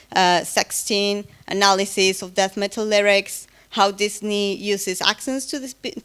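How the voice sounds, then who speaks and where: Her voice is smooth, medium in pitch and fairly bright as this English-speaking woman delivers an academic conference's closing presentation. The delivery is halting, with lots of fillers and self-corrections, lightened by a bit of humor.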